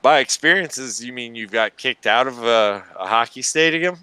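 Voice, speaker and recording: A man hosting a casual chat interview, teasing his guest with wry jokes. His voice is bright and crisp, recorded dry and close with no room sound. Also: medium pitch, lively intonation, normal speed, dry recording. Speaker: interview host.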